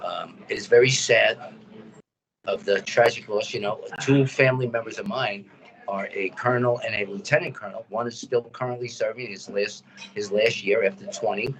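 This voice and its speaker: A man hosting a talk radio show, speaking in an earnest, somber, measured way. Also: on the low side, a bit bright, rough recording. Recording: crowd chatter behind.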